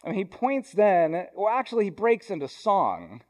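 A man's voice: high-pitched, huge pitch swings, moderate pace. Conversational young male pastor preaching. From Ohio, US. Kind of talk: sermon.

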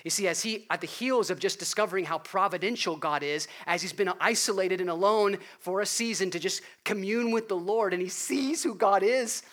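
A man preaching a sermon in an earnest way, rising to loud emphasis and dropping to hushed appeals. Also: sits high, fairly quick, hardly any pauses. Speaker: pastor.

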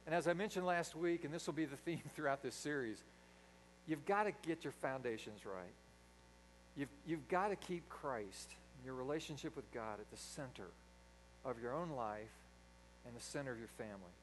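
A man preaching a sermon in a church, a dynamic speaker who swings from loud emphasis to quiet asides. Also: mid-range voice, expressive, moderate pace, slight background noise, poor audio. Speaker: pastor. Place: church sanctuary.

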